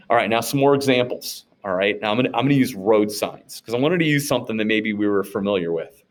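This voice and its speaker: A man from the United States teaching a class in a casual, conversational way, often asking rhetorical questions and checking in with "okay?". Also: on the low side. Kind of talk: recorded classroom lecture recap.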